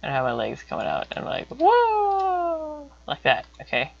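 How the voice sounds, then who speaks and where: A young man telling a casual story about himself in a rambling way, repeating words and breaking into sudden high exclamations. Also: big pitch swings, quick pace, vocal fry, sharp tone. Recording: dull lo-fi recording.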